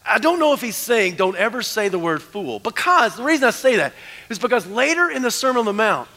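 High, lively preacher in reverb. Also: male voice, a little fast. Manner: animated preaching, dropping to hushed tones for emphasis. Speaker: pastor. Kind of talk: sermon. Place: church sanctuary. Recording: long church hall reverb.

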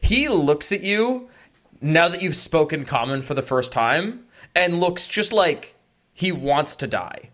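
Bright-voiced male game master. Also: a little high, takes it slowly. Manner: lively, casual, with frequent "like". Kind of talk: narrating a tabletop game.

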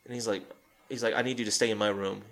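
A man's voice: on the low side, flat delivery, quick pace, gravelly, a bit bright. A man in casual chat, retelling a film scene by scene through quoted lines, with a rambling, profane way of talking.

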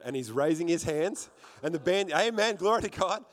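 A high-voiced male pastor preaching with fervour to a congregation. He often repeats words as he builds toward a point. His voice carries a long reverb from the church hall. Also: lively intonation, fairly quick. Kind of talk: sermon.

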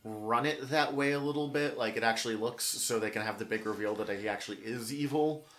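Guy rambling about comic book tv on a podcast, mid pitch, lots of restarts and little quoted bits. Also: a little fast, fairly bright tone, slight background noise. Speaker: podcast co-host. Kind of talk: casual chat about superhero shows.

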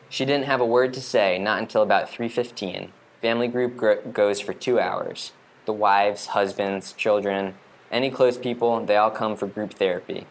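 A man's voice: lowish voice, fairly even intonation, normal speed. Wry man telling a rambling monologue. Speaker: storyteller. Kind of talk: first-person monologue reading.

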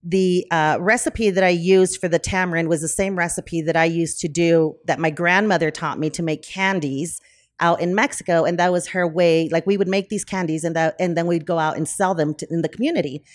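A woman with a somewhat low voice tells a story in a podcast interview. She talks casually with lots of fillers and restarts. She jumps up in pitch whenever she acts out what other people said. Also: a little fast. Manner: lively, acts out quoted dialogue in higher voices; frequent fillers, self-corrections. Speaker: brewery owner, podcast guest.

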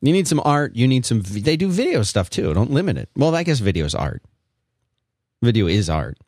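A man's voice: medium pitch, sing-song, fairly quick, a little mellow, dry recording, studio quality. A man co-hosting a podcast, laid-back and joking, reading an ad in casual chat. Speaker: podcast co-host.

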